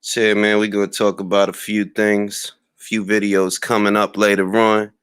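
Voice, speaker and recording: A man's voice: fairly low pitch, completely flat delivery, moderate pace, a bit bright, clean tone, dry recording, clean studio sound. A man hosting a boxing talk livestream, ranting and trash-talking a rival with mocking laughs and greeting chat viewers. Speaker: boxing talk show host.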